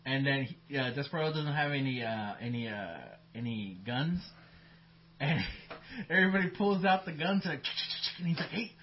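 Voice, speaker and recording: A man's voice: mid-range voice, animated, normal speed, slight background noise. A man co-hosting a podcast, retelling a film scene in rambling casual chat and laughing mid-sentence. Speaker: podcast co-host. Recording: dull lo-fi sound.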